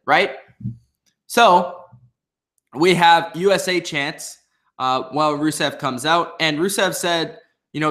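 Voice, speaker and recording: A man's voice: a little high, a bit bright. Chatty man reviewing a wrestling show. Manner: chatty, opinionated, many fillers and restarts. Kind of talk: casual commentary.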